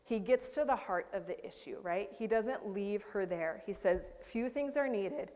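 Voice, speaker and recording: A woman's voice: medium pitch, normal speed, a little mellow, big-room sound. A woman pastor preaching a chatty, self-deprecating sermon, often checking in with her listeners. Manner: chatty, self-deprecating, frequent "right?" asides.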